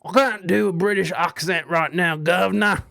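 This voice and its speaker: Casting: a man putting on a cheeky, lewd fake-British bloke, slightly raised pitch, gravelly, set back from the mic. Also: normal speed, pushed and bright, no echo, studio quality, full character voice. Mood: leering. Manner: bad put-on British accent, leering. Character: leering mock-British bloke, crude and cheeky.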